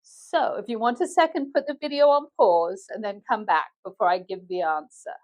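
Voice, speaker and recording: A woman from England with a London accent, an English teacher giving a clear, patient online lesson. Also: medium pitch, moderate pace, darkish tone, low-quality recording.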